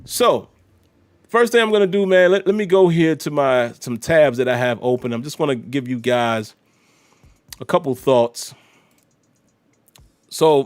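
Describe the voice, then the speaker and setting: A man's voice: mid-range voice, no echo, studio quality. A man hosting a solo podcast, talking casually and directly to his listeners. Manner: chatty, animated, talks straight to listeners. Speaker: podcast host.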